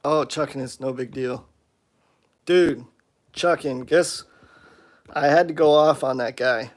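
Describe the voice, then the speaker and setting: A man hosting his own live stream, selling slingshots and venting about a customer in casual, animated, slangy talk. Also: medium pitch, slow. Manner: animated, aggravated storytelling with lots of "dude" and "bro".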